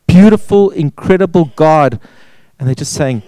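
A man's voice: a little high, expressive, normal speed, dark tone, dry recording, poor audio. A man preaching a sermon, pressing points with repeated words and rhetorical questions. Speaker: pastor.

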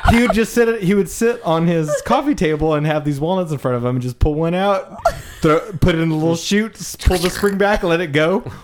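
A mid-pitched speaker in a casual podcast chat. They ramble through explanations and laugh as they go. Their sentences often trail off and restart. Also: fairly quick, noisy background.

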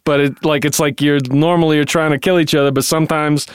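A man plays a brash restaurant pitchman who keeps drifting into absurd tangents. His voice is fairly high, smooth and resonant, caught in a close, dry recording. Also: flat delivery, fast, no echo, close to an everyday voice. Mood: rambling. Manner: rambling, tangent-prone, laughing. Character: brash male restaurant promoter, rambling brother. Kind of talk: improvised comedy commercial.

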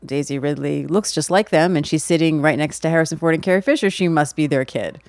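A woman's voice: low-pitched, quick pace, no room sound, studio quality. A woman co-hosting a podcast, chatting casually and restarting her sentences as she goes. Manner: chatty, trails off and restarts, animated when recounting. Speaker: podcast co-host. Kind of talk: casual chat.

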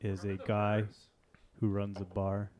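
A man's voice: fairly low pitch, completely flat delivery, slow, crowd noise. A man co-hosting a podcast, laid-back and matter-of-fact in casual chat.

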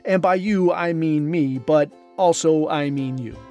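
A man's voice: fairly high pitch, unhurried, darkish tone, faint music behind. A middle-aged man hosting a podcast, telling a story in a laid-back, conversational way and ending with advice to his listeners. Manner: laid-back, conversational, drawls and mimics others in retold dialogue. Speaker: podcast host. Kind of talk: casual storytelling monologue.

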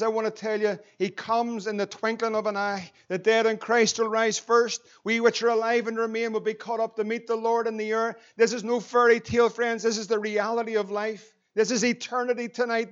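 A Northern Irish man preaching an evangelistic sermon with passion, dropping to a hush and then building to loud emphasis. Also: sits high. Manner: impassioned, swinging between hushed and loud emphasis. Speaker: pastor. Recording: dull lo-fi church recording.

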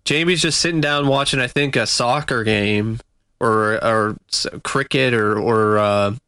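Bright, smooth-voiced man hedging. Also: mid-range voice, measured pace, no room sound. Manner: hesitant, many fillers. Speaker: podcast co-host. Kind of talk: casual chat.

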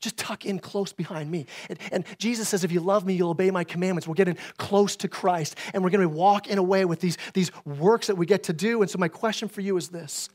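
High-voiced man preaching conversationally. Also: fairly even intonation, quick pace, hardly any pauses. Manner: conversational preaching with frequent "right?" asides; swings between loud emphatic bursts and quiet, low asides. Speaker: pastor. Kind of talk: sermon.

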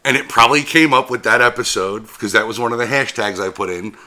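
Laid-back podcast host, bright tone. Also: male voice, medium pitch, fast. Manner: laid-back, swears casually. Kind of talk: casual chat.

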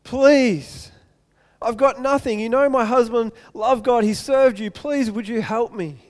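A man's voice: extremely high pitch, measured pace, long reverb tail, voice pushed up. A man voicing a grieving widow who pleads for help, repeating herself. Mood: pleading.

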